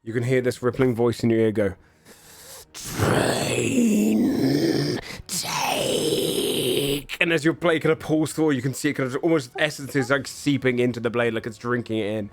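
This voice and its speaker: A man's voice: medium pitch, fast talker, few pauses. A man running a tabletop game as game master, narrating scenes in a loose, descriptive way full of "kind of" and "like".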